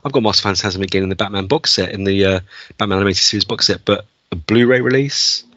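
Brief: male podcast co-host, bright and forceful voice, rambling eager film talk, dry lo-fi recording. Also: on the low side, quick pace, dry recording. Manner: enthusiastic, rambling with fillers. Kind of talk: casual film chat. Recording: dull, dry lo-fi sound.

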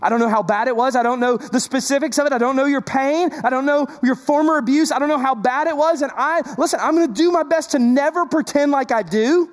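A man's voice: extremely high pitch, fast, hardly any pauses, long reverb tail. A male pastor preaching a sermon in a conversational, emphatic way, repeating words and adding asides to the congregation.

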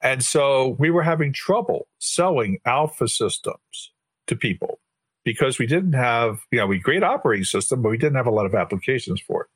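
A man's voice: mid-range voice, normal speed, husky, no room sound. An older man, a guest on an interview podcast, telling a long anecdote in a casual way and acting out the lines of the people in it. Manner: lively storyteller who acts out quoted dialogue. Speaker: guest, board chair of a tech body.

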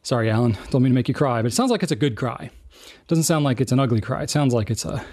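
A man's voice: medium pitch, expressive, fast, darkish tone. A man co-hosting a casual chat, reading viewer comments aloud and joking at himself, laughing often. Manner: jokey, self-deprecating, laughs often. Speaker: co-host.

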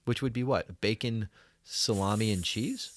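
A man's voice: lowish voice, unhurried, no room sound, studio quality. A middle-aged man hosting a podcast in casual chat, joking at his own expense and often restarting his sentences. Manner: animated, jokey, self-deprecating with frequent restarts. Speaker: podcast host.

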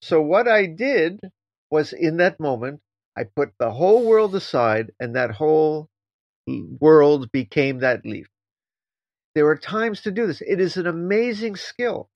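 A man who teaches Zen, co-hosting a casual podcast discussion and talking in an animated, playfully teasing way. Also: a little high, measured pace, dry recording. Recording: dull, dry lo-fi sound.

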